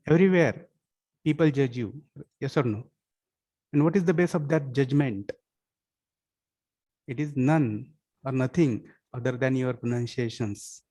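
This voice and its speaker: A man's voice: medium pitch, dark tone. A man, lecturing a class of students and often asking them whether they follow. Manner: keeps checking understanding with "yes or no?" questions; switches into Marathi and Hindi to explain. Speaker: college lecturer.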